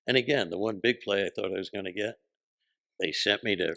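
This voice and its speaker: A man's voice: lowish voice, a little fast, creaky, no room sound. A man from New Jersey, a podcast guest, telling laid-back stories in casual chat. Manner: laid-back anecdotes with animated quoted voices.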